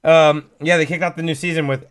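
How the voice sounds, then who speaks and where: A man's voice: on the high side, fairly even intonation, fairly quick. Man in casual podcast chat, enthusiastic. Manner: enthusiastic, reminiscing, swears casually. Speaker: podcast co-host.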